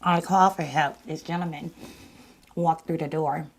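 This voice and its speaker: A woman with a sore throat, hosting a mukbang and slowly retelling a story to her viewers in a casual way. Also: low voice, fairly even intonation, a little hiss or hum. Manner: slow, deliberate retelling with repeats. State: sore throat, partly lost voice. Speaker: mukbang channel host.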